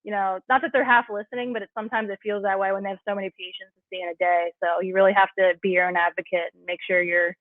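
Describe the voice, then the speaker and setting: A woman speaks as a podcast guest, chatty and filler-heavy, over a thin, phone-like line. Her voice is dry and close, with no room around it, and sits at an ordinary pitch. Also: level tone, fast, few pauses, dry recording. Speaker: guest, cycle syncing coach. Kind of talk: casual podcast chat.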